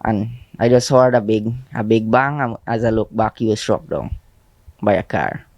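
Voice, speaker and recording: A man with a Guyanese accent, an eyewitness telling a reporter how his friend was struck, shaken and halting. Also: lowish voice, darkish tone, dry recording, muffled recording. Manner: shaken, halting, repeating himself. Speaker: eyewitness interviewed. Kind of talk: news interview.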